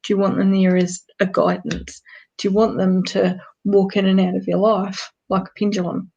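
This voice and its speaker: Kiwi lady doing card readings live, kinda gravelly, asks lots of questions. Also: mid-range voice, level tone, normal speed, warm tone, muffled recording. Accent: New Zealand. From New Zealand. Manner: direct, chatty, asks rhetorical questions. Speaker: card reader.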